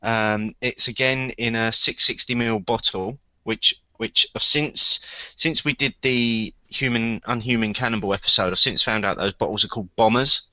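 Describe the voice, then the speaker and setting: Man, podcast co-host, casual chat, bright forceful voice, lots of ums and restarts, dull dry lo-fi sound. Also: mid-range voice, steady tone, moderate pace, few pauses, dry recording. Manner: hesitant, many ums and repeated words.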